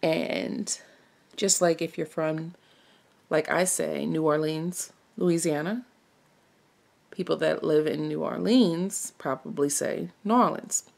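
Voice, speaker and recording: A woman's voice: deep voice, fairly even intonation, takes it slowly, creaky, darkish tone. A woman from Maryland chatting casually while she stitches, rambling and musing aloud with lots of self-questions. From Maryland, United States. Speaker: cross-stitch vlogger.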